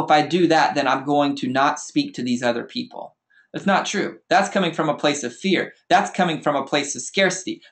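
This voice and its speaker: A man hosting a podcast, giving an energetic motivational talk as a business coach and repeating phrases for emphasis. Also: on the high side.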